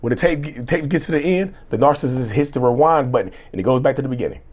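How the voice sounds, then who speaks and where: A man's voice: mid-range voice, fast, a little mellow. A middle-aged man speaking as a relationship coach, giving emphatic, repetitive, blunt motivational talk with cussing.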